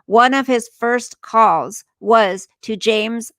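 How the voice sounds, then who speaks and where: A woman's voice: a little high, slow, fairly bright tone, no echo. A woman hosting a casual livestream, ranting indignantly, swearing, and reading news aloud to her viewers. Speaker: livestream host.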